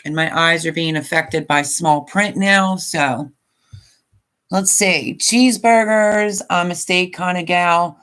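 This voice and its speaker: A woman's voice: on the low side, takes it slowly, a bit bright. A woman in her fifties hosting a casual live stream, chatting in a rambling way and reading viewer comments aloud.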